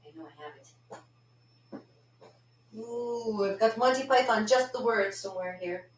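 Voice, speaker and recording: A woman's voice: fairly high pitch, measured pace, roomy sound, slight background noise. A woman vlogging about cartooning in a chatty, giggly way, reading her own poetry aloud with theatrical drama.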